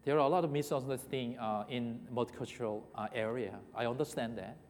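A man's voice: mid-range voice, a little mellow, a little hiss or hum. Korean-accented man preaching in a reverberant hall. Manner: halting, repeats and restarts words; asks the congregation questions. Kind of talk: sermon. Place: church hall.

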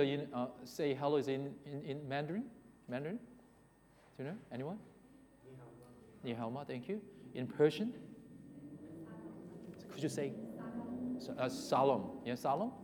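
A man with a Korean accent giving a sermon, talking in a halting way that restarts and repeats words and putting questions to the congregation. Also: a little high, dark tone, a little hiss or hum. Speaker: preacher. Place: church hall. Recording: reverberant hall.

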